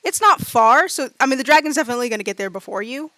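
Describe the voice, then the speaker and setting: A woman narrating as game master, chatting loosely with lots of fillers and acting out quick bits of her characters. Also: high-pitched, animated, a bit bright, dry recording. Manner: chatty, many fillers, acts out side characters.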